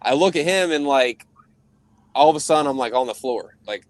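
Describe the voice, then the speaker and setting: Young man, podcast co-host, casual chat, rambling profane storytelling, mid-pitched voice. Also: animated, fairly quick, no room sound.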